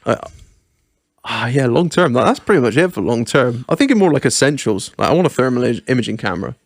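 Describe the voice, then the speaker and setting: A man chatting on a podcast with a swinging, animated pitch and a constant stream of swearing and laughter. He rambles through stories in loose, joking banter. The sound is dry and close. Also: fast talker, no echo. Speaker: podcast co-host.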